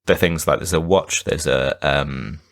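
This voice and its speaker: A man's voice: extremely low pitch, a bit bright. A man co-hosting a podcast, rambling through a film recap in casual banter. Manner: rambling recap with quick silly put-on voices. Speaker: podcast co-host.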